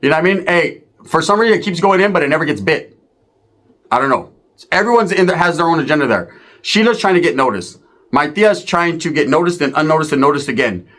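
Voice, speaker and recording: His pitch leans high and his pace is fast as he narrates a crude story from the streets. He delivers it with lots of energy and cursing, imitating the other characters' voices.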